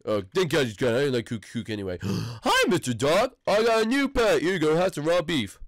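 A man narrating and voicing his own character through a playful game role-play, excitable and full of gasps. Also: on the high side, fairly quick, no room sound, clean studio sound. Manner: excitable, with gasps and cartoonish reactions. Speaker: gaming video creator.

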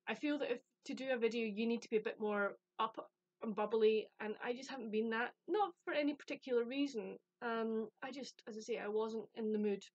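A woman's voice: a little high, a little fast, dry recording, highs cut off. A woman from the UK chatting casually about a book she received, rambling and self-deprecating. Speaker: book vlogger. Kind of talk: casual chat.

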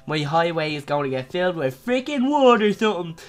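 A man's voice: on the high side, brisk. A young man hosting his own gaming channel, giving casual, jokey gameplay commentary and yelping and ranting at the game as he plays. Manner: excitable and jokey, yelps and rants at the game.

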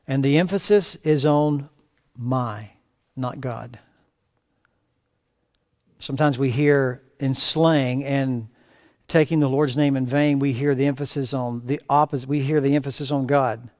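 A male pastor preaching an impassioned sermon, swinging between raised emphatic phrases and hushed, low lines. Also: no room sound, clean studio sound.

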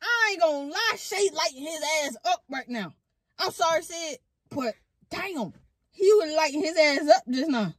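Excitable high-voiced woman reacting loudly. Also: normal speed, background noise. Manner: excitable, loud exclamations and laughter; swears freely, talks to viewers directly. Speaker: reaction vlogger. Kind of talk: casual reaction commentary.

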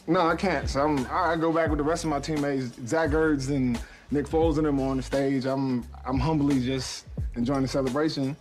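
A man, a football player guest, calmly telling stories in a casual interview. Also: a little high, moderate pace, soft background music.

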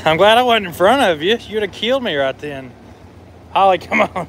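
A man's voice: high voice, fairly quick, a bit bright, a little hiss or hum. A father in casual, slangy banter, filming his son outdoors near a running vehicle. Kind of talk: casual chat.

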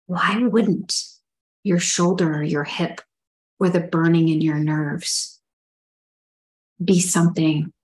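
A woman's voice: fairly low pitch, fairly even intonation, takes it slowly, pauses often, darkish tone, low-quality recording. A middle-aged woman giving a spoken spiritual teaching in an earnest, reflective way, sometimes acting out inner dialogue.

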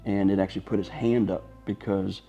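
Low, flat-voiced thoughtful man. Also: a little fast, lo-fi sound, soft background music. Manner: thoughtful, searching for words. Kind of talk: casual conversation.

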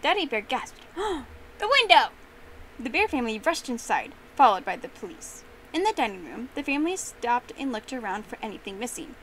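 A young woman telling a memorized story with expressive, animated narration. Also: fairly high pitch, a little fast, few pauses, slight background noise, poor audio. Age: young adult.

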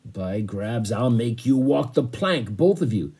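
Here is a plump, hot-tempered ship captain from a storybook, put on by a man reading aloud. He bellows his threats high and loud through a very husky, warm-toned throat. His pitch swings wildly as he rages. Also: animated, measured pace. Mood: furious.

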